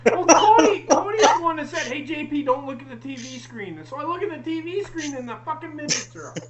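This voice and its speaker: Animated woman host, swearing, lively pitch. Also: a little fast, poor audio. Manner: animated storytelling, heavy swearing, frequent laughing. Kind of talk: casual chat on a live stream.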